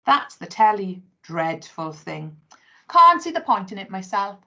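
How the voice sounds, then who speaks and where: A woman's voice: mid-range voice, very animated, a little slow, breathy edge, full character voice. A woman voicing a chatty, friendly male dog who talks heartily and takes offence easily in a storybook reading. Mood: disgusted. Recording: dull lo-fi recording.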